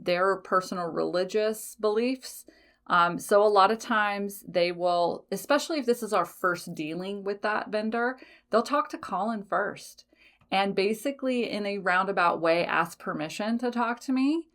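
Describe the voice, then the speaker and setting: Hosting a solo podcast, a woman chats casually in a mid-range, fairly bright voice. She laughs a lot, swears mildly, and fills her talk with fillers and self-corrections.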